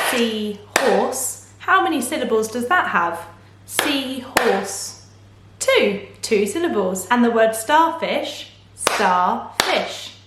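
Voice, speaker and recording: A woman teaching phonics to young children in a slow, encouraging, sing-song manner, asking lots of questions. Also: a little high, reverberant, background noise. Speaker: primary school teacher.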